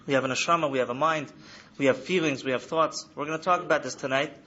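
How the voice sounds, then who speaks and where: A man's voice: on the high side, steady tone, fast talker, sharp tone, highs cut off. A man in his thirties who speaks to a hall of students about coping trauma, in an earnest lecture style that repeats its key phrases. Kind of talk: lecture to an audience. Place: study hall.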